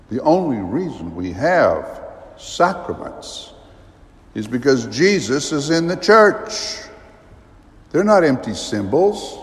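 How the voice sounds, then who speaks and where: A man preaching a sermon, telling a story vividly with emphatic rises and dramatic pauses. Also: mid-range voice. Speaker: priest. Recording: long reverb of a large church.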